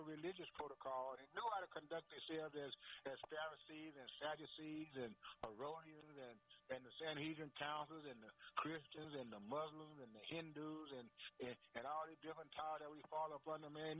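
A man's voice: on the high side, fairly bright tone, poor audio. Fervent male preacher calling out "boy". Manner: fervent, repetitive, peppers lines with "boy" and "man"; chuckles between phrases. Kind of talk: sermon.

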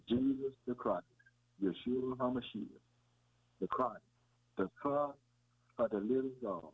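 A man's voice: mid-range voice, measured pace, long pauses, breathy edge. A man preaching an informal sermon in a folksy way, often calling his listeners "man" and "boy" and repeating himself. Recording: tinny phone-like radio audio.

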